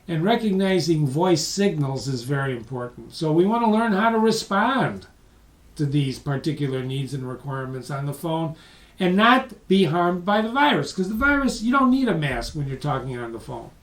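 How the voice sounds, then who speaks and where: Speaking in a high, sing-song voice at normal speed, a man presents a live webinar lecture to people watching online. He keeps it conversational and circles back to points for emphasis, and the distant mic gives the audio a roomy quality.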